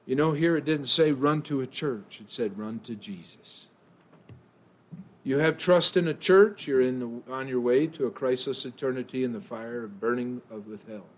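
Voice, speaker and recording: A male pastor preaching a sermon in church, swinging from hushed, low lines to loud, impassioned outbursts. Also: normal speed.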